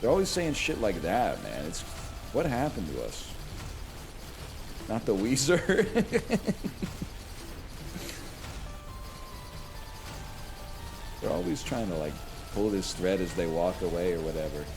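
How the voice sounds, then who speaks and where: Animated rambling man in his thirties. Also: deep voice, normal speed, gravelly, over music. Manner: rambling, joking, wanders off on tangents. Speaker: streamer. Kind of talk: casual chat while playing a video game.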